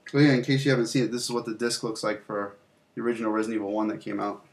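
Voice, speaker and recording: A man's voice: on the low side, little pitch movement, racing, slight background noise. A young man hosting a casual video, showing off games from his collection in a loose, rambling way with fillers and some mild swearing. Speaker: channel host. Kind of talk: casual game collection show-and-tell.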